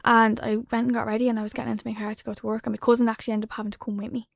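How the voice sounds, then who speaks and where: A woman in her twenties with an Irish accent, a podcast guest telling a personal story in a soft, halting way that drops to a hush. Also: a little high, little pitch movement, gravelly, no room sound, clean studio sound. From Ireland. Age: 20s. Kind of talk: emotional personal account. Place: podcast studio.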